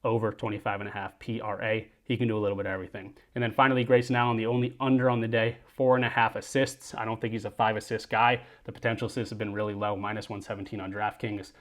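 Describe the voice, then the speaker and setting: A man hosting a sports betting picks show, running quickly through his bets and plugging promo codes. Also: little pitch movement. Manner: brisk, upbeat sign-off pitches. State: out of breath. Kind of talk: fast betting picks rundown.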